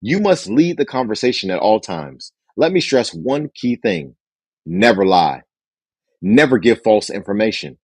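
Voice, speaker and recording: A man's voice: big pitch swings, unhurried, a little mellow, husky, no echo. A man hosting a book club, reading a business book aloud and acting out sample phone calls. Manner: acts out phone dialogue with raised pitch for characters.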